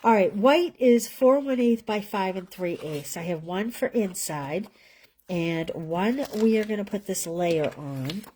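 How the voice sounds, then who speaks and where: A woman's voice: medium pitch, animated, measured pace, warm tone, slight background noise. A woman hosting a live card-making class from home, chatting casually as she colors and assembles cards, often trailing off mid-sentence. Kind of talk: casual live craft demonstration.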